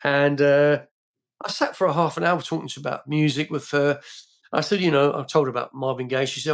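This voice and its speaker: A man's voice: on the high side, steady tone, fast, creaky. An older man, a film actor guest on a podcast, telling rambling stories full of fillers and restarts. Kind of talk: casual interview storytelling.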